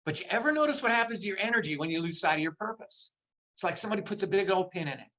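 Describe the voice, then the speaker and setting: A man's voice: sits high, lively intonation, rapid-fire, sharp tone, dull audio. An older man giving an impassioned motivational talk in a virtual seminar, repeating phrases for emphasis. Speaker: motivational speaker. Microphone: video call.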